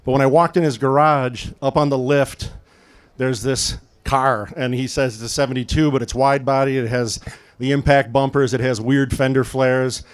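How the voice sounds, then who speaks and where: A man's voice: mid-range voice, steady tone, moderate pace, clear, resonant tone. Casual Midwestern man telling a car story. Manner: conversational, frequent fillers. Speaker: guest speaker at a car event.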